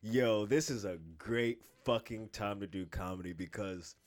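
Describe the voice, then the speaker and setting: A man co-hosting a podcast and trying out stand-up, talking in loud, profane, animated rants. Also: lowish voice, unhurried. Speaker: podcast co-host, aspiring stand-up comic. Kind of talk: casual podcast chat.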